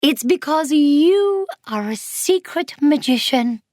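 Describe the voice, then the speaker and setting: A woman's voice: high voice, animated, slow, a little mellow, dry recording, clean studio sound, voice pushed up. A woman doing a grand, boastful babysitter.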